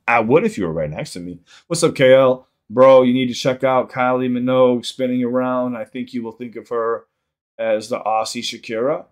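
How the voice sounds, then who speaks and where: A young man from Chicago with a Chicago accent, chatting casually on a livestream while high, rambling and swearing often. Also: normal speed. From South Side of Chicago. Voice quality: rambling, profane, repeats himself. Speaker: streamer.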